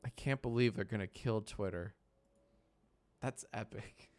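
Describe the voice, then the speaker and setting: A man in his thirties streams casually from his home editing room, joking with chat, running polls and cooing at his dog. His voice sits on the low side and he speaks unhurriedly, slipping into soft baby talk for the dog.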